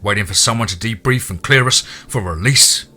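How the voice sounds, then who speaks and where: A gruff, crude soldier who talks bluntly, as a male narrator puts him on. The voice is low and forceful. He sounds like a hard-edged military man in a horror audiobook. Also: fairly quick. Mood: frustrated. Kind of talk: audiobook character voice.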